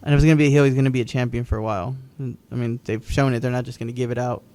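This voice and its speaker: A man's voice: mid-range voice, steady tone, racing, mellow. Rambling man recapping wrestling. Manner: rambling, many ums and restarts. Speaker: podcast co-host. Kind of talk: casual wrestling recap chat.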